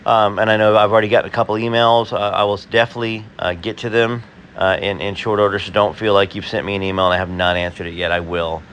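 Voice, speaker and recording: A man hosting his video and reading viewer comments in a casual, halting way, full of fillers and restarts; he sounds tired. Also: on the low side, flat delivery, fairly bright tone, slight background noise.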